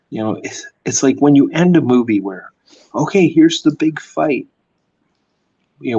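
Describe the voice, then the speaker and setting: Husky man rambling casually while drawing. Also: lowish voice, muffled recording. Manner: rambling storyteller, lots of fillers. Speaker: comic artist streamer.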